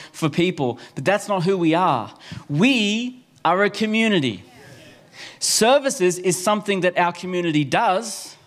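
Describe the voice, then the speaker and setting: A man preaching a sermon in church, earnest and repeating key phrases for emphasis. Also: sits high. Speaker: pastor. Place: church service.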